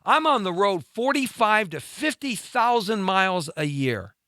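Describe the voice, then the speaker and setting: A man's voice: high-pitched, very animated, measured pace, sharp tone, dry recording, clean studio sound. A man hosting a talk show, ranting in an indignant monologue full of rhetorical questions, his throat congested.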